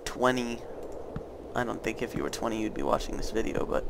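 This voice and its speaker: A man's voice: mid-range voice, expressive, brisk, gravelly, background noise. A teenage boy rambling through casual gameplay commentary, full of fillers and self-corrections. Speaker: gaming channel host.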